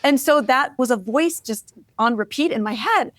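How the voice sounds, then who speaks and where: Expressive woman in her forties. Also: high-pitched, normal speed, dry recording, studio quality. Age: 40s. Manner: expressive, reflective, frequent "like" and "right?". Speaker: interview guest. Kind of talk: candid conversational storytelling.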